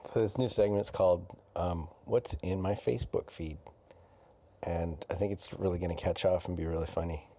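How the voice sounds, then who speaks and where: Deep-voiced rambling podcast man. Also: steady tone, normal speed, warm tone. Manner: rambling, mumbling, profane. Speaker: podcast host. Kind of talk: casual solo podcast chat.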